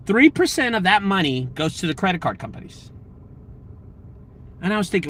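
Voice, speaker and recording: A man telling a story in a casual, slangy live video, animated and excitable. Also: sits high, normal speed, long pauses, slight background noise, rough recording. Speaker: junk removal business owner and channel host.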